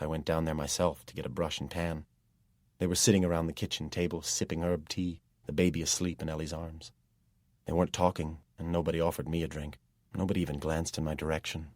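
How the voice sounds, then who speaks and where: Deep, husky man narrating an audiobook. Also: darkish tone, dry recording, studio quality. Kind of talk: scripted first-person audiobook narration.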